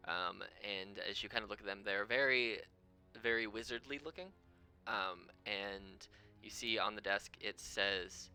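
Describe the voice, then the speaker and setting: A man narrating as game master of a tabletop game, unhurried and full of fillers. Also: lowish voice, sharp tone, clear, resonant tone, faint music behind.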